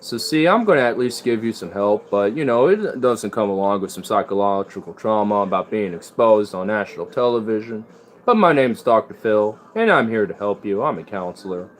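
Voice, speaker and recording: A man's voice: fairly low pitch, lively intonation, fairly quick, natural voice. A man doing an impression of a smug middle-aged male TV counselor who lectures his guests in a preachy, self-satisfied way. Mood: lecturing.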